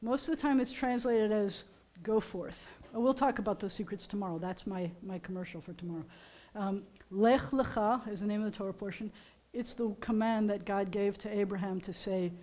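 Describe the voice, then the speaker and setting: An older American woman, a rabbi, giving a casual, teacherly sermon with gentle jokes to her congregation in a synagogue. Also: medium pitch, moderate pace. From United States. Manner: chatty, teacherly, gently joking. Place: synagogue sanctuary during a service.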